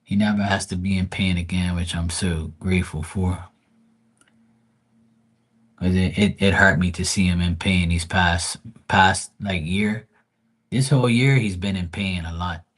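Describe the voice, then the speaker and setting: Low-voiced man rambling through grief. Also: steady tone, unhurried, a bit bright. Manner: rambling, profane, restarts often. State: grieving. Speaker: tarot reader streamer. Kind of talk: casual livestream talk.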